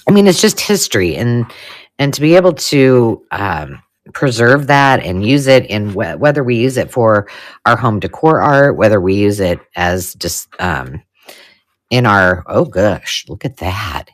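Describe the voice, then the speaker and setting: A woman hosting a live craft unboxing, chatting casually and gushing over old paper finds, sometimes dropping to a hushed whisper. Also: very deep voice, big pitch swings, measured pace. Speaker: craft channel host.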